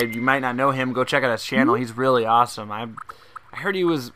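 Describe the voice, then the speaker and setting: A young man giving chatty let's play commentary as the host of a gaming video, rambling along and bursting into excited shouts, with game music behind him. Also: mid-range voice, slight background noise.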